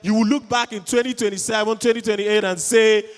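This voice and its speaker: Brief: Igbo-accented Nigerian emcee, high-pitched, hyped crowd-rouser, reverberant event hall. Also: male voice, flat delivery, fairly quick, soft background music. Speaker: event co-host. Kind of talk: live event hosting.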